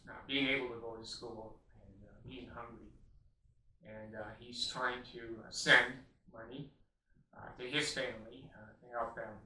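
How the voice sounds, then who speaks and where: A man's voice: mid-range voice, bright, forceful tone, roomy sound, far from the mic, rough recording. An older man in a rambling, emotional monologue from his living room, blunt and profane, with frequent ums and restarts. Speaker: video blogger appealing for donations. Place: his home, a living room with vaulted ceilings.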